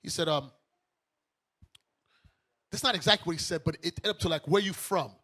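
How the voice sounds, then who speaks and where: A middle-aged bishop from Brooklyn tells a story to his congregation, playing each person's lines himself. His voice sits high and sounds bright and forceful. He keeps it casual and animated throughout. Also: fairly quick. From Brooklyn, United States. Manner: animated, acts out the other voices in his stories.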